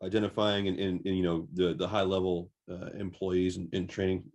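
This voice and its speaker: A man's voice: sits low, level tone, brisk, a little mellow, lo-fi sound. A man hosting an interview as an editor, asking loose, rambling questions that restart as he thinks aloud.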